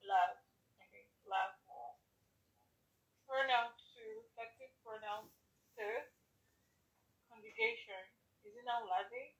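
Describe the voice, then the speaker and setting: Woman student, slightly high voice, slow, careful, hesitant, phone call audio. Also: gravelly, fairly bright tone. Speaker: language student. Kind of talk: reading aloud and conjugating in a lesson. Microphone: phone on a video call.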